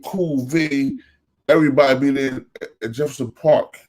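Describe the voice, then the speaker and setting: A man's voice: medium pitch, fairly even intonation, normal speed, a little mellow. A man with a New Jersey accent, a host giving a casual monologue, calling out names and repeating his phrases for emphasis. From Elizabeth, New Jersey.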